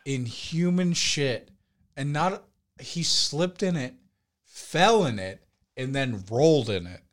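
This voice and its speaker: A young man casually telling a crude story on a podcast, laughing and shouting out the lines he quotes. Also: medium pitch, lively intonation, slow. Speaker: podcast co-host.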